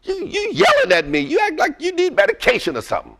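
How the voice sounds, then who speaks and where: A man acting out an irritated person snapping back at someone who yelled at them, in a shrill, indignant voice. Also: wildly swooping pitch, fast, vocal fry, heavily acted.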